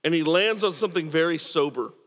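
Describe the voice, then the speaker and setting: A man's voice: fairly high pitch, brisk, fairly bright tone, in a large hall. A man preaching a sermon as pastor, earnest and emphatic, repeating words as he drives points home. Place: church.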